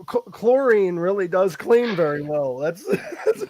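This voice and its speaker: A man's voice: sits high, huge pitch swings, unhurried, noisy background. A man hosting a podcast, teasing his guest and laughing through crude jokes. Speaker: podcast host. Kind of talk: casual crude podcast banter.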